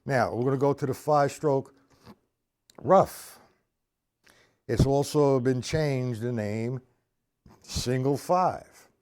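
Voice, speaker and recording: A man's voice: medium pitch, slow pace, pauses often, darkish tone. A man teaching drum rudiments on a live stream, counting beats aloud and chatting with viewers in the chat.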